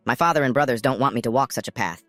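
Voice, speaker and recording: A man's voice: mid-range voice, racing, fairly bright tone, no room sound, faint music behind, natural voice. A man doing a carefree young swordswoman. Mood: calm.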